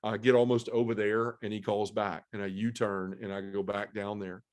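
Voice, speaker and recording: Low-voiced man telling a candid testimony. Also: little pitch movement, normal speed. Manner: candid, earnest, acts out his own inner voice. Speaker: podcast guest. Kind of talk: personal testimony storytelling.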